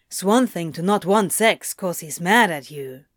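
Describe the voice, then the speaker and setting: A prickly grown man, as a woman reader acts him out, grumbling and snappish, his complaints coming out slow and clipped. The sound is dry and close to the mic. He plays like a storybook character who is always a little put out. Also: lowish voice, animated, dry recording. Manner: irritable, snappish. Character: prickly, grumbling adult man, easily flustered. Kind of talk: audiobook reading of fan fiction.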